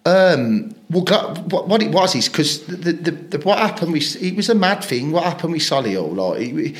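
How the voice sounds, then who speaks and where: A man's voice: on the high side, big pitch swings, normal speed. A man, a football player telling rambling stories in a casual interview, swearing freely and acting out what people said. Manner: rambling anecdotes, frequent swearing, acts out quoted lines. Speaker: podcast guest, footballer.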